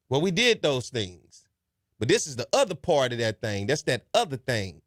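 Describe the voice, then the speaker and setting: A man's voice: mid-range voice, sing-song, moderate pace, a bit bright, no room sound. Man, podcast host, folksy, urging, dry close sound. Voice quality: colloquial, folksy and exhortative, repeats advice for emphasis. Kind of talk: casual advice monologue and storytelling.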